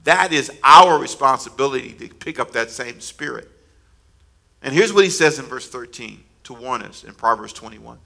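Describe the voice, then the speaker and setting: A man preaching a sermon as pastor, swinging between quiet, drawn-out reading and loud, rising declarations. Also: fairly high pitch, sing-song, vocal fry. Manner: preaching with dramatic swings between hushed and shouted lines.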